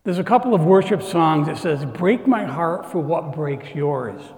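Earnest high-voiced pastor in an echoing church. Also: male voice, lively intonation, unhurried. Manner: earnest, swings from hushed to emphatic. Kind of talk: sermon. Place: church sanctuary. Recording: echoey hall, long reverb.

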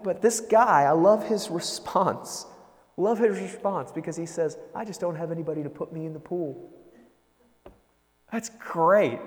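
A man preaching a sermon in a conversational, animated way, often checking in with "right?". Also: a little high, long reverb tail. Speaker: pastor.

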